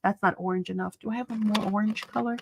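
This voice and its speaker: A woman's voice: medium pitch, fairly even intonation, quick pace, creaky, background noise. A woman hosting a crafting video, chatting casually as she works and rambling through stories that trail off mid-sentence. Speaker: crafting channel host. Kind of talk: casual crafting chat while working.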